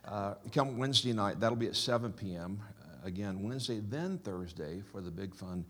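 A man giving casual church announcements and a short prayer, rambling and halting with many fillers. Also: on the low side, animated, slightly rough.

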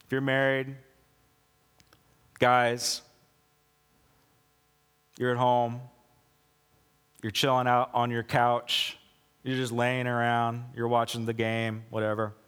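A male pastor preaching a conversational sermon with sarcastic asides, acting out quoted lines in a lower, softer voice. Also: monotone, slow pace, pauses often, clean tone, big-room sound.

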